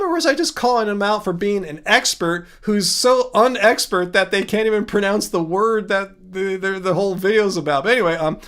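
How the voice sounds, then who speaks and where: A man's voice: high voice, lively intonation, moderate pace, few pauses, fairly bright tone. A man hosting a casual livestream, reading chat comments and arguing his point with sarcastic asides, often chuckling and restarting words.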